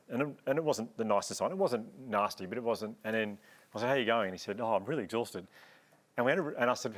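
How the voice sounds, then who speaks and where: Man panellist, lower voice, rapid earnest storyteller. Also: fairly bright tone.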